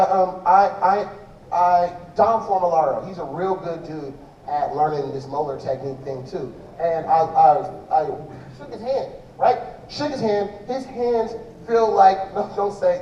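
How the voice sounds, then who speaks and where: A man's voice: high voice, mellow, slight background noise. A man giving a loose, slangy talk to an audience from a stage, rambling and restarting his sentences as he answers questions about his drumming. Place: large indoor event hall stage. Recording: dull echoey hall from far off.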